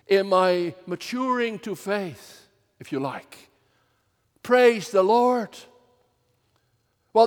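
Minister, male, earnest measured sermon, very high voice, echoing hall. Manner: slow, earnest preaching with swells of emphasis. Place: church.

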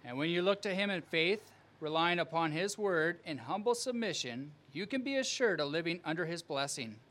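A man preaching a sermon as pastor, with earnest, emphatic delivery and measured phrasing. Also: a little high, animated, a bit bright.

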